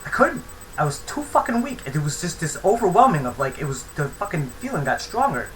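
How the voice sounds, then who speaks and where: A man's voice: on the high side, sing-song, a little fast, fairly bright tone, a little hiss or hum, low-quality recording. A young man telling a rambling, profane story in a casual vlog. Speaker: vlogger.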